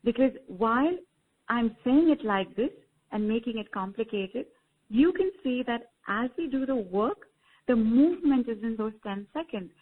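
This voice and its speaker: A woman spiritual teacher, a guest on a call-in show, explaining in a measured, affectionate way. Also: on the high side, lively intonation, breathy edge. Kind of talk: call-in coaching talk. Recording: phone-line call audio.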